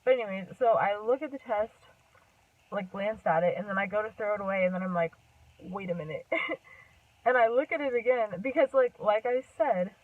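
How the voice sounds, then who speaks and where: A young woman chats to her camera, telling a long personal story in a loose, rambling way and filling pauses with "like" and "um". Her voice sits in a middle pitch and sounds thin and phone-like. She is set back from the microphone. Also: dry recording. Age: young adult. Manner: chatty, rambling, full of "like" and "um", laughs often. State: a bit out of breath. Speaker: vlogger. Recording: distant tinny phone-like sound.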